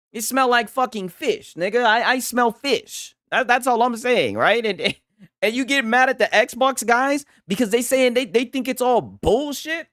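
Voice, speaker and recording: A man's voice: extremely high pitch, fairly bright tone, no room sound, studio quality. A man doing casual gaming reaction commentary, profane and mocking, who keeps asking "right?".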